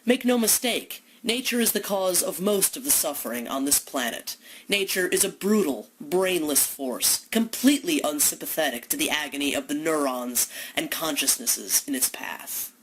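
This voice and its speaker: A woman giving an impassioned, accusatory monologue full of rhetorical questions, building to loud declamation. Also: low-pitched, animated, normal speed, background noise. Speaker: speaker delivering a philosophical monologue.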